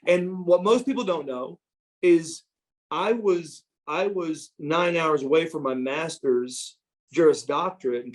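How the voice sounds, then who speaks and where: Middle-aged American man, ex-wrestler guest, slightly high voice, lively profane storyteller. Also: low-quality recording. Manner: animated storyteller, swears freely, acts out quotes. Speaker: former pro wrestler guest. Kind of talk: shoot interview storytelling.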